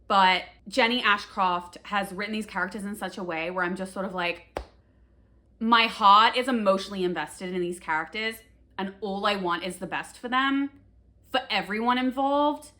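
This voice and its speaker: A woman's voice: medium pitch, normal speed, bright, forceful tone. A woman book vlogger chatting casually to camera, with lots of "like" fillers and playful drama.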